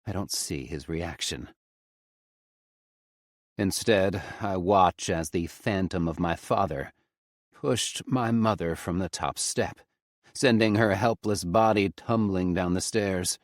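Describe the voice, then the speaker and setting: A male audiobook narrator reading a first-person story in a grave, measured manner on a close studio mic. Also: deep voice, no room sound.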